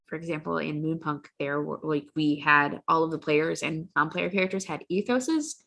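A woman's voice: sits low, normal speed, vocal fry, fairly bright tone. A woman, a game designer, chatting emphatically with fillers and false starts. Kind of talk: casual discussion.

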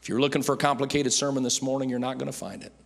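A man preaching a sermon as pastor, swinging from loud, emphatic calls down to soft, hushed near-whispers. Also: mid-range voice, rapid-fire, vocal fry, long reverb tail.

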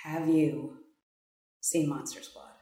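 A woman's voice: deep voice, steady tone, slow, mellow, echoey room. A woman co-hosting a casual podcast, chiming in with teasing asides. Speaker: podcast co-host. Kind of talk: casual chat.

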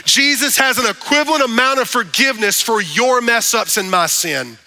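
A man preaching a radio sermon as pastor, animated, rising up on his points of emphasis. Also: very high-pitched, moderate pace.

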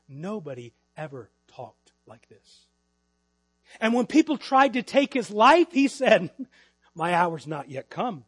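A middle-aged man preaching a sermon in church, swinging between loud emphasis and quiet, drawn-out lines. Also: sits high, dry recording. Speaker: pastor.

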